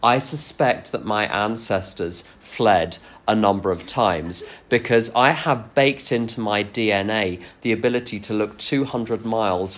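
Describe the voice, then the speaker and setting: A man giving a recovery workshop talk, frank and self-deprecating, mixing personal anecdotes into his teaching. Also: lowish voice. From England.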